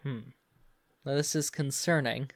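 A man voicing a dignified male house drake in opossum form, speaking slowly and formally with a German accent. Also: mid-range voice, steady tone, no echo, clean studio sound, lightly acted. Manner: slow, formal and solemn.

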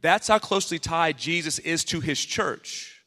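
Animated pastor preaching in a big hall. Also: male voice, a little high, a little slow. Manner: animated, acts out quoted voices. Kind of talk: sermon. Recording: long hall reverb.

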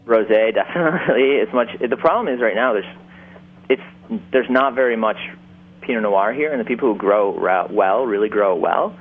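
A man from Upstate New York talks shop as an interview guest, easygoing and full of "like" and restarts. His voice sits a little low, and it comes through a thin, phone-like line. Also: animated, moderate pace. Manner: laid-back, many "like" fillers and restarts. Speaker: winemaker guest. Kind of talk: casual interview chat.

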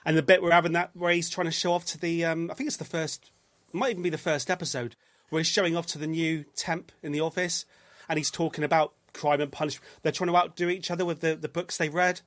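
An Englishman hosting a podcast, talking in loose, rambling bursts that double back on themselves. His voice sits a little high and sounds close and dry, with no room around it. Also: level tone, fast talker, a bit bright, dry recording. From England. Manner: chatty, rambling, self-interrupting. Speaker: podcast host. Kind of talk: casual chat.

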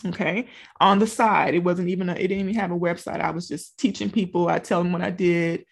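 A middle-aged business coach from small-town Louisiana gives a casual motivational talk, chatting straight to her listeners and throwing in plenty of asides. Her voice is fairly low and gravelly, a little rough, with a steady tone and a slightly quick pace.

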